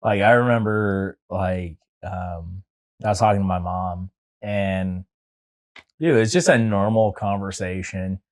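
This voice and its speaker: Young man, podcast guest, low-pitched voice, rambling casual storytelling, lots of "like" and "dude". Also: a little slow. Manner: rambling, heavy on filler words like "like" and "dude".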